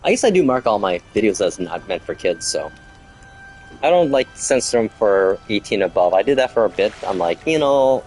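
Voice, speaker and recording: Low-voiced laid-back streamer. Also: male voice. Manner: relaxed, rambling, chats with viewers while playing. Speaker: game streamer. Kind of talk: casual gameplay commentary.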